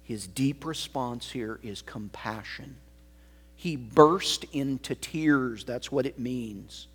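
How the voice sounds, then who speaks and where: Male pastor, husky voice, slow deliberate sermon delivery with dramatic loud-to-hushed swings. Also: medium pitch.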